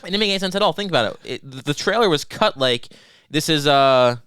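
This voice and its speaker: A man's voice: a little high, expressive, a little fast, fairly bright tone, clear, resonant tone, no echo. A young man co-hosting a podcast, rambling and joking with his brother, swearing freely and restarting his sentences often. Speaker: podcast co-host. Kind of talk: casual podcast banter.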